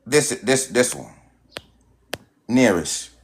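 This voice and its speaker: A man's voice: mid-range voice, big pitch swings, slow pace, slight background noise. Insistent man hosting a livestream. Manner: insistent, repeats himself, keeps cutting in. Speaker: livestream host. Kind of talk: casual livestream chat.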